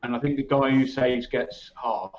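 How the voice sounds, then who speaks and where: A man playing in an online tabletop game, slow and halting as he asks about the rules. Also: mid-range voice, steady tone, a little mellow, highs cut off. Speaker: player. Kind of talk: casual table talk during a game.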